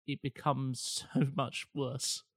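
A man in a casual film chat, giving measured, hesitant opinions with frequent restarts. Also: medium pitch, flat delivery, gravelly, dry recording, studio quality.

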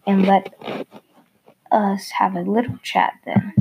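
A woman's voice: mid-range voice, little pitch movement, slow, slightly rough, highs cut off, full character voice. A woman voicing a wicked male wolf who pretends to be a grandmother, wheezing and sweet-talking in a storybook reading. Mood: sly. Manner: wheezing, sly sweet talk.

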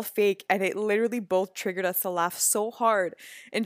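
Laughing, animated woman podcast host. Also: medium pitch, fast talker, dry recording, clean studio sound. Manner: laughing, swearing, animated storytelling. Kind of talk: casual spiritual podcast talk.

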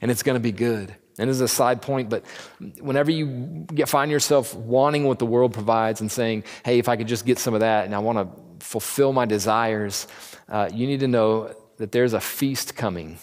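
This man speaks at a medium pitch and moderate pace, delivering a relaxed, conversational Bible teaching where he performs quotes in slangy voices. It was recorded in a church hall, with the long reverb of a big room.

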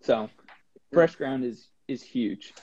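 Mellow-voiced man telling a trail story. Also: medium pitch, slow, breathy edge. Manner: animated retelling with acted-out dialogue. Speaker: guest, long-distance hiker. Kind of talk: storytelling in a casual chat. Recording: dull lo-fi sound with faint noise.

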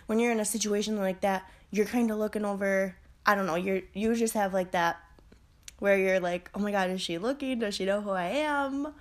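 A woman's voice: mid-range voice, fairly bright tone. Chatty woman telling a story. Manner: chatty, lots of "like" and "um"; acts out quoted voices, sometimes whispering. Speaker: podcast host, hairstylist. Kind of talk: casual storytelling monologue.

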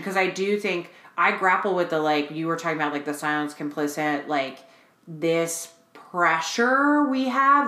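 Low-voiced woman in an echoey room. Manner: animated, frank storytelling with frequent swearing. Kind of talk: casual podcast chat. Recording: roomy echo.

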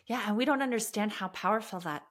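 Woman podcast host, animated and chatty, middle pitch. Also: fast talker. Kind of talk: casual interview conversation.

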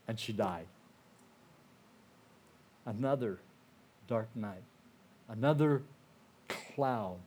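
A man's voice: lowish voice, drawn-out words, long pauses, slightly rough. An older man giving a personal testimony to a church audience. He tells the story in a conversational way, with lots of "you know" and restarts, and he turns earnest and emotional. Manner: earnest and emotional, dropping softer at heavy moments. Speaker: guest speaker sharing his testimony.

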